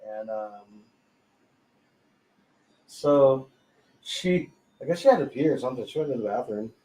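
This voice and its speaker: A man's voice: mid-range voice, animated, measured pace, mellow. A man telling a personal story in casual chat, swearing freely and laughing often. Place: tattoo studio during a live podcast. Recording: roomy echo, faint ambience.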